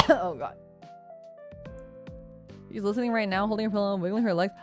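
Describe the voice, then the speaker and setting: A woman's voice: mid-range voice, normal speed, faint music behind. A young adult woman streamer in casual chat, rambling and gushing, laughing often and swearing freely.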